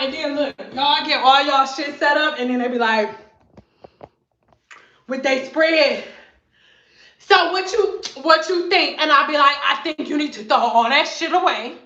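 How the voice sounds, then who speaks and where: Woman in her thirties, high voice, blunt and sassy vlogger; echoey bathroom, slightly dull recording. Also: moderate pace, bright, forceful tone. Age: 30s. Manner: sassy, blunt, acts out client exchanges. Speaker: hairstylist vlogger. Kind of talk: casual vlog rant. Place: bathroom at home.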